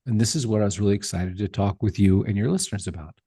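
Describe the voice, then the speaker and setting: Passionate man with a husky, mellow voice. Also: on the low side, quick pace. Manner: passionate, emphatic, rhetorical questions. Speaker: podcast guest, tech founder. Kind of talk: animated interview talk.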